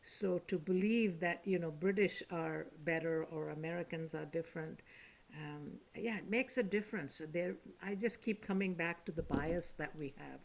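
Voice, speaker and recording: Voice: mid-range voice, normal speed, creaky, a little hiss or hum. A participant in an online teachers' meeting, reflecting on accents in a hesitant, thoughtful way over a video call.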